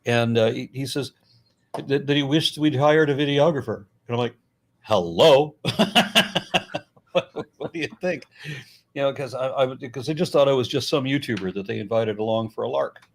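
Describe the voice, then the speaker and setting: Middle-aged American man, blunt, swears freely, animated storytelling, casual chat. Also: mid-range voice, brisk. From United States. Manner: blunt, profane and animated, with frequent restarts. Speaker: YouTuber and guest. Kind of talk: casual conversation.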